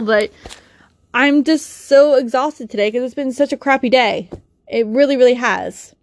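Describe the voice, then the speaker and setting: A woman's voice: sits high, normal speed, a bit bright, no echo, clean studio sound. A young woman with a cold and a stuffy nose, ranting emotionally in a personal vlog, swearing and rambling with many fillers and restarts, recorded on a phone or built-in mic. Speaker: vlogger.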